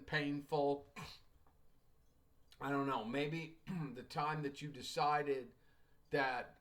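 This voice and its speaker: A man's voice: medium pitch, a bit bright. A middle-aged male writing teacher talks to his class in a loose, folksy way. He drifts into anecdotes and acts out the dialogue, with wry joking asides.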